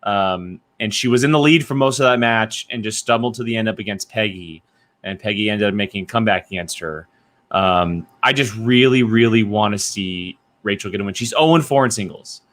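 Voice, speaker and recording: A young man hosting a casual live-stream podcast chat, animated and quick to laugh. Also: on the low side. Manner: animated, laughs often, chatty. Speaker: podcast host.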